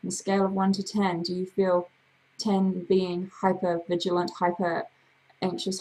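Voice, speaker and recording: A woman hypnotherapist with a gravelly voice, leading a slow, soothing guided breathing exercise. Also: fairly low pitch, monotone, darkish tone, rough recording. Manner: slow, soothing, drawn-out guidance.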